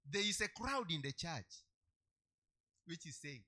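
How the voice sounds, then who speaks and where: A male preacher delivering a sermon with a bright, ringing voice. His pitch leaps and falls all over the place. He hammers on key phrases, repeating them, and swings from loud declarations to hushed lines. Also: sing-song, a little slow.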